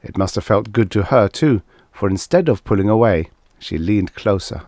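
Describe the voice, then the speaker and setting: A man reading a vintage science fiction story aloud as narrator, with animated delivery. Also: on the low side, moderate pace, dry recording, clean studio sound. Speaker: audiobook narrator. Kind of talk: scripted narration.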